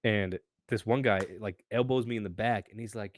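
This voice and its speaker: Hombre joven estadounidense contando una anécdota. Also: male voice, on the low side, fast, hardly any pauses, no room sound, clean studio sound. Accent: American. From United States. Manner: animated storyteller, acts out voices, swears freely. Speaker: podcast co-host. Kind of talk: casual storytelling chat.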